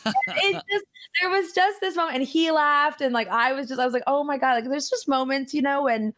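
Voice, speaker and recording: A woman streamer telling a story in a casual interview, animated and laughing often. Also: high-pitched, a little fast. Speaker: streamer guest.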